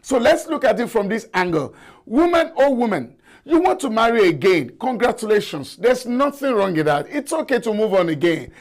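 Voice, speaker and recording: A man's voice: high voice, big pitch swings, normal speed. A man hosting a live call-in show, giving an impassioned, lecturing monologue and repeating words for emphasis. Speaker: talk show host.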